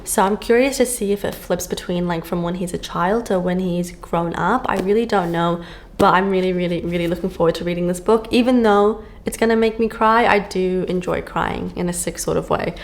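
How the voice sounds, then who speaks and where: A woman's voice: on the low side, steady tone, fairly quick. A woman book vlogger chatting casually to camera, gushing and full of fillers, filmed at home on a camera on a stand.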